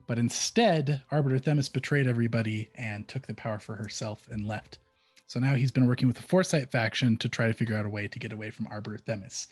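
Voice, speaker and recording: A man's voice: mid-range voice, fast, a little mellow, husky, dry recording. A man narrating as game master of a tabletop game in a casual way, with many fillers.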